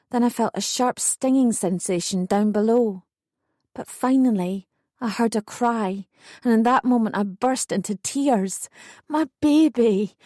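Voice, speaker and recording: A woman's voice: medium pitch, darkish tone, no echo, studio quality. A woman narrating a first-person true story audiobook with feeling. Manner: emotional memoir reading, acting out quotes.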